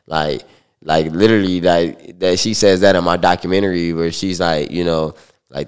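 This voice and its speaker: A man recounting a personal story in a relaxed interview, talking loosely with many fillers. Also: deep voice, normal speed, smooth. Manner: relaxed, loose, full of fillers like "like" and "you know". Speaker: guest.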